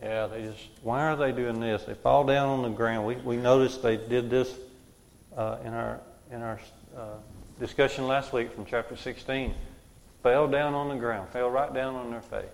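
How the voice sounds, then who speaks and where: Gravelly man leading a Bible class. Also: medium pitch, steady tone, normal speed. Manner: asks questions and repeats answers back. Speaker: Bible study teacher. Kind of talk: leading a group Bible study.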